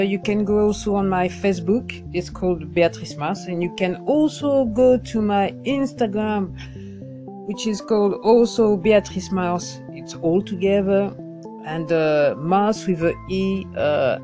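A woman with a French accent, a singer-songwriter, casually introducing herself on a podcast, hesitant with many fillers and restarts. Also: mid-range voice. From France.

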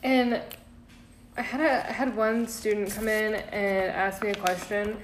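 With a mid-range, steady voice and a slightly slow pace, this young podcast co-host chats casually, swearing freely as she candidly recounts stories from her new job. Faint noise and an echoey room color the recording.

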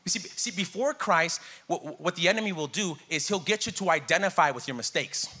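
A man's voice: sits high, animated, a little fast, sharp tone, husky. A man in his thirties preaching a sermon in a conversational, joking way, calling out to the congregation. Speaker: pastor.

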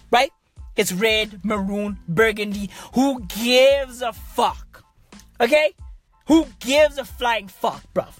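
Husky ranting woman in a parked car. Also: high-pitched. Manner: ranting, repetitive and crude. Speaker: podcast host. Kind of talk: comedic profane rant.

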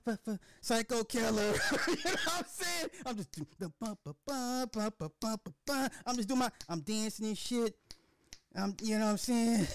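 A podcast host telling a dark comedic story in a profane, animated, repetitive way. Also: male voice, a little high, no room sound, studio quality.

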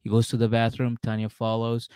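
Male comedy podcaster, mid-pitched, dry close sound, animated storyteller who jumps into loud character voices. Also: brisk, clear, resonant tone, dry recording. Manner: animated, acts out drunk characters in loud outbursts, heavy swearing. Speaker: podcast co-host. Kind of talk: casual storytelling chat.

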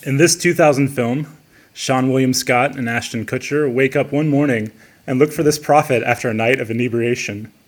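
A man's voice: medium pitch, normal speed. A man co-hosting a podcast, reading out pun clues in a casual chat and laughing at his own jokes. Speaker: podcast co-host posing quiz clues.

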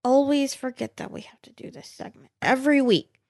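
Higher-voiced woman co-hosting a podcast. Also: a little mellow, no room sound, clean studio sound. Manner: laughing, self-deprecating, quick. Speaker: podcast co-host. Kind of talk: casual podcast banter.

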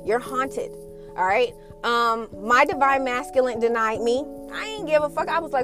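A woman's voice: high voice, lively intonation, normal speed, over loud music. A woman hosting a casual spiritual podcast, talking in a blunt, sassy and profane way and laughing often. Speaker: podcast host and twin flame coach.

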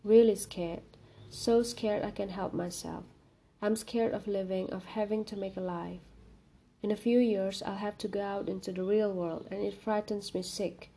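A woman's voice: mid-range voice, fairly even intonation, normal speed, creaky, warm tone. Woman reading as a tearful young girlfriend. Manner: anxious, tearful.

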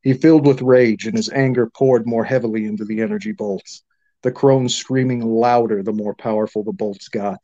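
A man narrating a fantasy story in a steady, measured reading. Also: mid-range voice, highs cut off.

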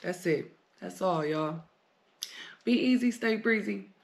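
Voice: mid-range voice, slow, gravelly. A blunt, foul-mouthed podcast host rambling through a solo monologue of life advice. Points get hammered home with repeated commands and plenty of swearing. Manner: blunt and heavily profane; rambling, preachy advice-giving.

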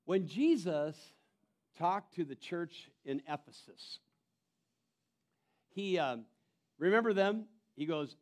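A man preaching a sermon as pastor, moving between emphatic calls and quiet, intense asides, often repeating and restarting phrases. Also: a little high, big pitch swings, normal speed.

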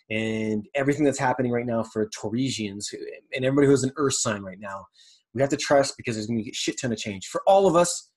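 A man talks straight to his listeners in a loose, meandering motivational monologue. His voice sits at an ordinary middle pitch. He rambles, stops to hunt for the right word, and drops casual swearing into heartfelt reflection. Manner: rambling, casual, swears freely, pauses to find words; earnest and reflective. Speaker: podcast host.

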